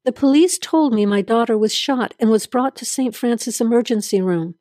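A woman's voice: a little high, normal speed, mellow, no echo, studio quality, lightly acted. A woman voicing a desperate mother demanding answers. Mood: anxious. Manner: urgent, pleading. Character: frantic mother at hospital, woman, adult. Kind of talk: audio drama reading.

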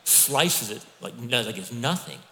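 A middle-aged man preaching a sermon as pastor, telling stories in a conversational, animated way with asides to the congregation. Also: mid-range voice, measured pace. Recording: long hall reverb.

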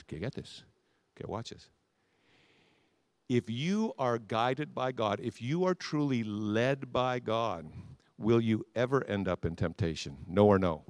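A man's voice: mid-range voice, lively intonation, a little slow, dry recording. A male pastor preaching a sermon with emphatic repetition, leading the congregation to repeat phrases back to him. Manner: emphatic, repetitive, leads congregation call-and-response.

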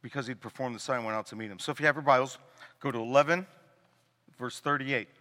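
A man preaching a sermon as pastor, animated and joking, acting out the people he quotes. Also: medium pitch, fast. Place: church sanctuary. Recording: long hall reverb.

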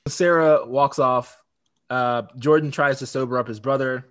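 A man's voice: mid-range voice, steady tone, unhurried. A man co-hosting a podcast, casually recapping a TV episode, chatty, laughing often and repeating words. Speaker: podcast co-host.

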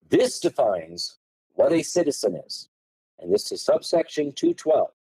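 A man's voice: fairly high pitch, very animated, takes it slowly, mellow, breathy edge, no room sound, rough recording. A man explaining law as a podcast guest, reading passages aloud and hammering key words with strong emphasis.

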